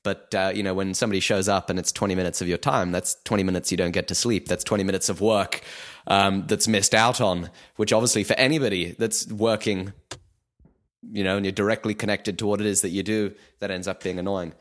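Low-voiced man airing gripes. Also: steady tone, a little fast. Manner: rambling, hedging with "you know". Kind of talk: casual podcast chat.

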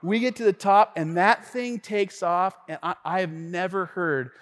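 A man preaching a sermon as pastor, telling a story in an animated, conversational way with frequent asides to the congregation. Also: high-pitched, moderate pace, in a large hall. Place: church sanctuary.

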